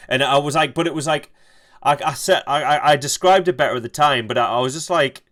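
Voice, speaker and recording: A young man streaming a game, telling a rambling, halting story and swearing freely. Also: medium pitch, animated, a bit bright. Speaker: gaming streamer. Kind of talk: casual storytelling while playing.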